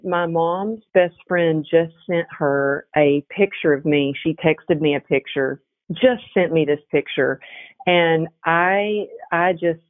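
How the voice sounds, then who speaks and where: A middle-aged woman, a guest coach, telling her story in a lively conversational way, laughing often and restarting her sentences. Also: lowish voice. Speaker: podcast guest, resilience coach. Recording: tinny phone line.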